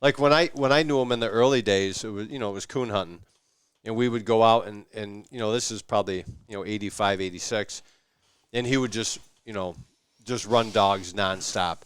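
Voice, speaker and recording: A man casually recalling old hunting days with friends at a cabin, his phrases often trailing off softly. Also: on the low side, brisk, smooth, no room sound. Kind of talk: casual storytelling at camp.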